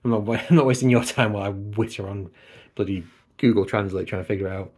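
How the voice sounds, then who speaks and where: A fast-talking man with a lowish, husky, darkish voice hosts a casual book vlog from his computer at home. He rambles onto tangents and is self-deprecating throughout.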